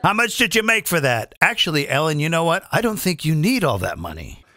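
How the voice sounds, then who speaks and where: A man's voice: fairly high pitch, big pitch swings, brisk, sharp tone. A man hosting a live comedy show, ranting in a profane, rambling, digressive way.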